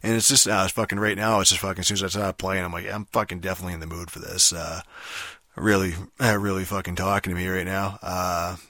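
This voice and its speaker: A man's voice: low voice, flat delivery, quick pace, bright, forceful tone, no room sound, clean studio sound. A young man hosting a podcast, rambling through a casual game review with constant swearing and lots of fillers. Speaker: podcast host.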